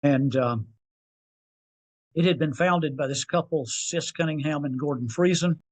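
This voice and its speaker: A man from North Carolina, a songwriter guest on a podcast, telling his story in an unhurried, reflective way with small repeats as he remembers. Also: fairly high pitch, poor audio. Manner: reflective, unhurried, repeats words while recalling. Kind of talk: storytelling interview.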